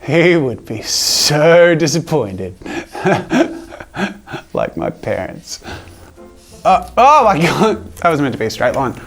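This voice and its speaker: A man hosting a comedic art challenge vlog, joking with viewers in a self-mocking way and now and then shouting from excitement. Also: fairly high pitch, takes it slowly, pauses often. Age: adult. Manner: playful, self-mocking, jokey asides to viewers. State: physically tired from drawing with a long pole. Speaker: art YouTuber. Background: faint background music.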